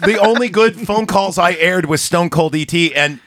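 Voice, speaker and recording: A man's voice: high voice, normal speed, fairly bright tone, slight background noise. A man hosting a podcast, chatting casually and crudely, joking and laughing a lot. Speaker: podcast host. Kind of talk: casual comedic chat.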